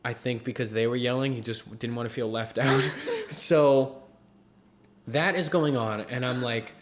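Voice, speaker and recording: A man's voice: medium pitch, measured pace, slight background noise. A man co-hosting a podcast, telling a story in casual chat and acting out the people in it with bursts of laughter. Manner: animated storyteller, acts out quotes with laughs. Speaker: podcast co-host.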